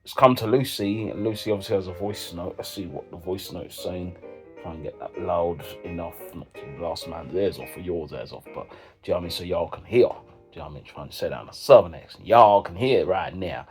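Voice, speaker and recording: A man's voice: deep voice, fairly quick, over music. Slangy man riffing on camera. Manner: rambling slangy delivery, constant "you know what I mean". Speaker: comedy vlogger reacting to dating profiles. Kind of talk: jokey commentary with sung snippets.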